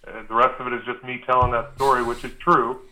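A man as a guest, telling a story in a casual, animated way and acting out the dialogue, with frequent "uh" fillers. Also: medium pitch, quick pace, rough recording. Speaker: guest recalling a reality show.

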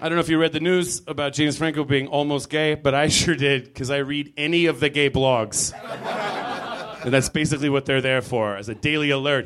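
Man, stand-up comic, high voice, animated delivery, live audience laughter. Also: a little fast. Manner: animated, with sudden loud put-on voices. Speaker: stand-up comedian. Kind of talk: stand-up comedy set. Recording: live crowd laughing in the room.

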